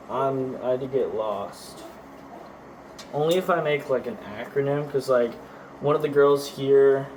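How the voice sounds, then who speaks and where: Slow-talking Texan young man, rambling. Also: mid-range voice, a little mellow, slight background noise, low-quality recording. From Texas. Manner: scattered, self-interrupting, jokey. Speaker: vlogger. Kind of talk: rambling casual vlog chat.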